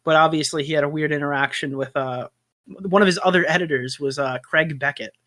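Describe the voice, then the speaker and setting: A man's voice: a little high, fairly even intonation, fairly quick, bright, forceful tone, no room sound, clean studio sound. A man hosting a livestream, chatting casually with a crude, joking manner. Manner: crude, joking, breaks into laughter. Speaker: commentary streamer host.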